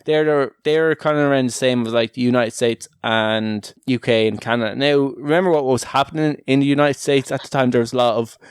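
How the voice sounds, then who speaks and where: A man's voice: medium pitch, clean tone, no echo, studio quality. A young Irish man hosting a podcast in casual chat, talking loosely with many fillers and frequent laughs. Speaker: podcast host.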